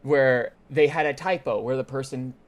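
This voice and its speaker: A man's voice: mid-range voice, normal speed. A man co-hosting a podcast, rambling casually with lots of fillers. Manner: rambling, uses many fillers. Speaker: podcast co-host. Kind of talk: casual chat.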